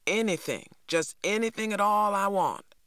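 A reader voicing a boastful, needy teenage boy, talking loud and wheedling. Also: mid-range voice, normal speed, no echo, studio quality, pitched above the performer's own voice, close to an everyday voice.

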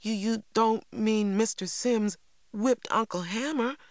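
A man voicing a plump, timid young boy in a storybook who stammers with soft-hearted concern. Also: sits high, slow pace, dry recording, clean studio sound, pitched above the performer's own voice. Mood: stammering.

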